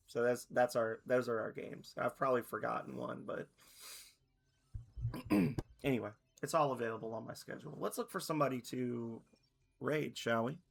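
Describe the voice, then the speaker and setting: Gravelly, rambling male streamer. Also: medium pitch, a bit bright. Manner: rambling, loose, self-correcting. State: slightly hoarse. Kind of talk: casual stream chat.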